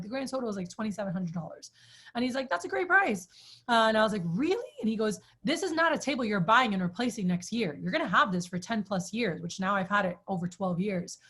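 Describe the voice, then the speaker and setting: A woman in her thirties, chatty and animated, telling a personal story to a group, with many "like"s. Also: on the high side. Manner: chatty, animated, says "like" often. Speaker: sales trainer.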